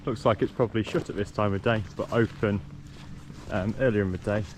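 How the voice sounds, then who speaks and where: Here a trail-walking vlogger speaks briskly in a fairly low, steady voice over a noisy background. The casual commentary is relaxed, with frequent ums and restarts as he goes.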